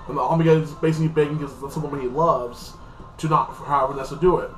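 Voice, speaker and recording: Rambling through a casual episode recap, a male TV reviewer keeps repeating "like this" and "freaking." His voice is on the high side and steady, and he moves fairly quickly. Faint music plays in an echoey room, and the mic is distant.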